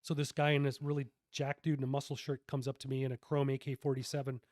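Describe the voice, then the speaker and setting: A man's voice: medium pitch, flat delivery, fast talker, a little mellow, no room sound, clean studio sound. A middle-aged man, a retired army officer, recounts his combat deployments as a podcast guest in a laid-back, slangy way, full of fillers and restarts. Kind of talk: casual war storytelling in an interview.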